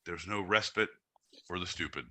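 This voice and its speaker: A man hosts a live-streamed podcast in loose, rowdy banter, joking and swearing as he rambles between topics. His voice sits a little low but rings bright and forceful. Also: moderate pace. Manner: loud, rambling, profane joking. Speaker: podcast host.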